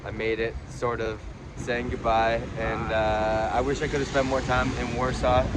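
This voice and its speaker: A man's voice: fairly low pitch, flat delivery, normal speed. A young man talking casually and candidly to his camera outdoors, rambling and open about his feelings. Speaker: travel vlogger. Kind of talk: casual vlog talk to camera. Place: outdoors by roads and vehicles. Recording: street and traffic noise. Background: traffic and outdoor city sounds.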